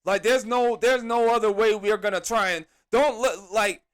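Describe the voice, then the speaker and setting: A man hosting a podcast, reviewing a wrestling show in an animated, exasperated rant full of slang. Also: sits high, moderate pace, hardly any pauses, clean tone. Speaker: podcast host.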